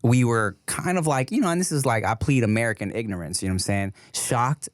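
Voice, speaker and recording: A man hosting a casual podcast, telling animated stories and slipping into accents. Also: medium pitch, a little fast, no echo, clean studio sound. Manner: animated storyteller who slips into accents. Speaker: podcast host.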